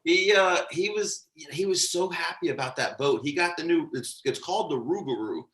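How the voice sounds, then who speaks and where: A man who runs a fishing charter, telling stories in an animated, laughing way. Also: fairly high pitch, moderate pace, reverberant. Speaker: fishing charter captain guest. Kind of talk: casual chat.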